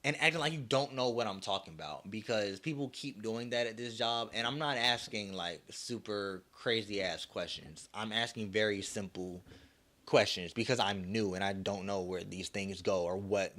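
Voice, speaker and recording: A man's voice: lowish voice, moderate pace, fairly bright tone. A young man hosting a solo podcast, ranting with lots of swearing and putting on mocking voices for the people he quotes. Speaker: podcast host.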